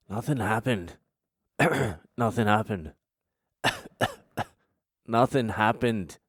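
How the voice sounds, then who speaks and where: An Australian man in his thirties, a comedian hosting a podcast, telling a personal story in a profane, blunt and animated way. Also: on the low side, smooth, dry recording, clean studio sound.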